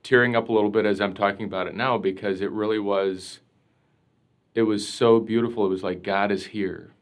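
A man with a somewhat low voice speaks earnestly as a podcast guest, recalling a personal experience. His speech is reflective and heartfelt, peppered with casual "like" fillers and restarts. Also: steady tone, brisk. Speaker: priest, interview guest. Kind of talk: personal storytelling in conversation.

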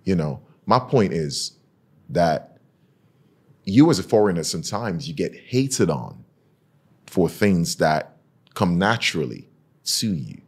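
Deep husky man, lively. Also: slow pace, long pauses. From Nigeria. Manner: animated storytelling, expressive. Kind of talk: casual chat.

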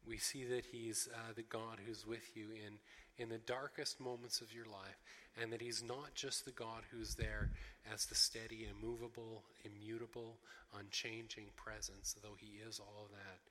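A man's voice: on the low side, flat delivery, moderate pace, bright, forceful tone, long reverb tail. A man preaching a sermon as pastor, earnest and emphatic, with many fillers and repeated phrases.

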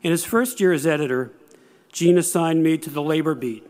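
A man in his sixties delivers a prepared speech with measured, storytelling pacing. His voice sits slightly higher than most men's. A dry humor runs through his delivery. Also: a little mellow. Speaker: speaker.

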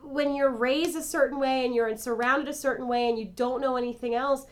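A woman's voice: sits high, fairly even intonation, fairly quick. A young woman co-hosting a casual chat podcast, reacting with jokes and rambling when she turns serious. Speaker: podcast co-host.

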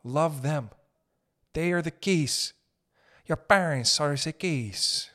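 A man's voice: on the high side, takes it slowly, bright, forceful tone. A young man hosting a podcast, ranting casually with profanity and jokey asides. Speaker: podcast host. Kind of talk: casual comedic podcast rant.

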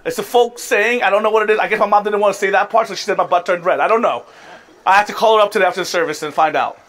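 A man's voice: sits high, rapid-fire, a bit bright. A man preaching a sermon to his congregation, conversational and emphatic, sometimes laughing at himself. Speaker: pastor. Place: church service.

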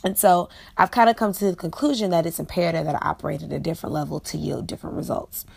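A woman's voice: on the low side, quick pace, gravelly, husky. A woman in her late twenties hosting a solo podcast, talking in an earnest, personal and conversational way. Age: 20s. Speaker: podcast host. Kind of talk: reflective solo podcast talk.

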